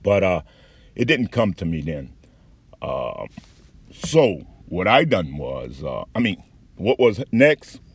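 A man giving a candid, profane personal account with halting restarts and frequent fillers. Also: deep voice, very animated, slightly rough. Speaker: patient recounting an experience.

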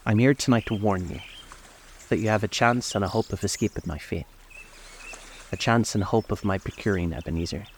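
A man's voice: lowish voice, brisk, long pauses, a little hiss or hum, lightly acted. A man voicing the chained ghost of an old businessman, speaking in a solemn, grave, lamenting way.

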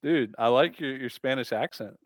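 A man with a medium-pitched voice co-hosts a casual podcast. He cuts in with playful, teasing remarks and easy agreement. The sound is dry and close to the mic. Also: normal speed, no room sound. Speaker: podcast co-host. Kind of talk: casual chat.

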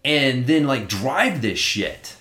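A man in casual podcast chat, talking in an animated, rambling way and swearing often. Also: medium pitch, takes it slowly. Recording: roomy echo.

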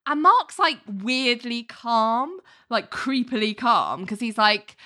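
A woman's voice: on the high side, big pitch swings, measured pace, hardly any pauses, sharp tone. A woman casually recapping a TV episode to a co-host, full of fillers and acted-out quotes. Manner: chatty retelling with acted quotes, many fillers. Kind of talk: casual chat.

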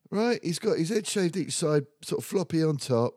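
A man with a warm, mellow tone tells a story in a casual chat. He swears freely and acts it out with energy. The sound is close and dry. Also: fairly high pitch, very animated, normal speed, no echo.

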